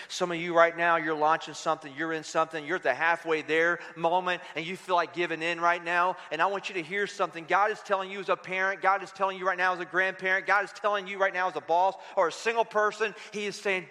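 A man preaching with energy and humor, talking straight to his congregation. His voice is high and bright. It carries through a big, echoing church hall. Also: flat delivery, fast talker, hardly any pauses. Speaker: pastor. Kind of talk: sermon. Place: church sanctuary. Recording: echoey hall.

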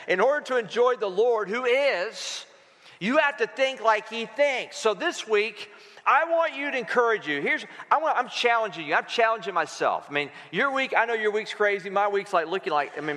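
Man, sermon in a church, high bright voice, conversational and playful, reverberant hall. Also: animated, moderate pace. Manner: conversational, playful preaching with call-and-response. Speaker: pastor. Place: church sanctuary.

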